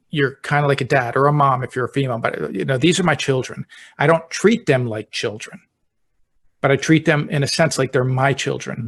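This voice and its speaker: A middle-aged man, a deputy fire chief, hosting a podcast and telling a personal story in a relaxed, conversational way. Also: medium pitch, creaky. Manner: relaxed, talks through anecdotes step by step.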